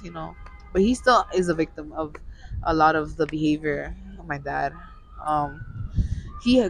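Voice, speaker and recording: Through a studio mic on a low-quality recording, a young woman co-hosting a podcast rambles casually in a voice that sits low, often going back to restart what she's saying.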